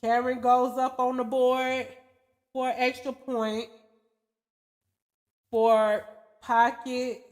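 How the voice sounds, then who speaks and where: High-voiced, unhurried woman livestreamer. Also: flat delivery. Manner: loose and slangy, chuckles often, spells out viewer names letter by letter. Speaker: livestream host. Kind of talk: casual livestream chat with viewers.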